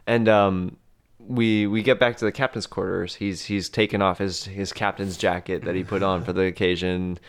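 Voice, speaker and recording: A man co-hosting a comedy podcast speaks with a low, smooth voice. He narrates an improvised story in a rambling, halting way, full of restarts. He talks like someone making the story up as he goes. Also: little pitch movement. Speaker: podcast co-host.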